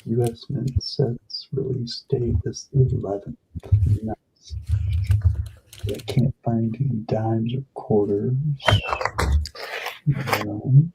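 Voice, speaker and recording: A man's voice: mid-range voice, fairly even intonation, slow pace, vocal fry, long pauses, dark tone, a little hiss or hum, rough recording. A man co-hosting a livestream in casual chat, passing on news and announcements to viewers. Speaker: livestream co-host.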